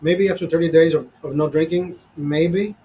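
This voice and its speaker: A man's voice: a little high, fairly even intonation, normal speed, dark tone, low-quality recording. A man of fifty, a show host, telling a rambling story in casual chat, swearing a lot and sounding exasperated. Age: 50s. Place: small studio.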